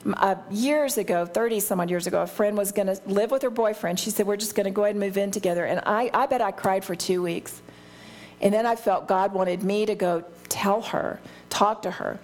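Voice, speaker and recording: A woman's voice: mid-range voice, fairly quick, a little mellow. Older lady teaching bible study, heartfelt and earnest, keeps restarting her sentences.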